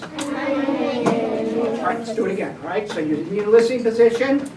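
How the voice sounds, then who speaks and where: A woman's voice: a little high, fairly quick, long pauses. A woman teacher leading a classroom behavior lesson, giving directive step-by-step instructions. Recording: echoey room, distant mic, background noise.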